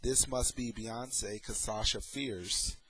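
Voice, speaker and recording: A man's voice: mid-range voice, fairly even intonation, sharp tone, a little hiss or hum. A middle-aged man talking in a casual, sarcastic way as he comments on photos and his own troubles. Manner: sarcastic, slow and deliberate. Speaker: vlogger.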